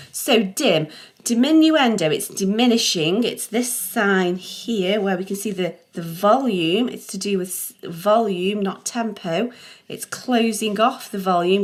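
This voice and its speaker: A middle-aged woman walks through exercise answers as a music theory teacher, patient and encouraging. She talks like a steady online tutor, reassuring the learner and correcting herself along the way. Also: mid-range voice.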